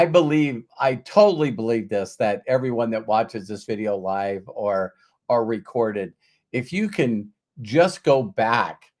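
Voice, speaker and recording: A middle-aged man hosting a talk show, speaking in an easy, mid-pitched voice. He tells stories with energy, swears casually and slips into the voices of the people he describes. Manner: animated storyteller who acts out quoted voices and swears casually. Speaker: podcast host. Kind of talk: casual conversational storytelling.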